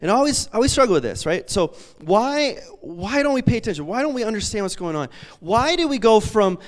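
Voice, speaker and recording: A man in his thirties preaches a sermon in a high, lively voice that swings up and down. He tells stories in a loose, self-deprecating way and keeps checking in with his listeners. His talk is full of restarts and fillers. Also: fairly quick. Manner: storytelling, animated, self-deprecating, many fillers. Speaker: pastor.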